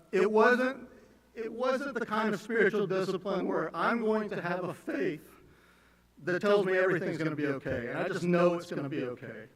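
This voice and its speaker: A man speaking as a son giving a eulogy at a memorial. He is emotional and halting, restarting often between fillers. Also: high voice, a bit bright. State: emotional, on the edge of tears. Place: large church sanctuary. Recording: echoey church from a distance.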